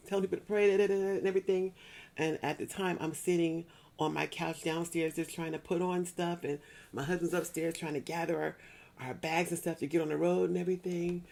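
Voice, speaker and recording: A woman's voice: low-pitched, vocal fry, a little mellow. A middle-aged woman giving heartfelt personal testimony in an earnest, church-going manner, often repeating herself to drive a point home. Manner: earnest and repetitive, often circling back to restate a point. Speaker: speaker sharing a personal grief story.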